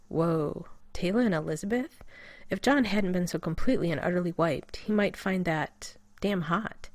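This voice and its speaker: A woman reading a story aloud as narrator, with steady, wry storytelling. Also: on the low side, moderate pace, dry recording. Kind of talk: audiobook reading of fan fiction.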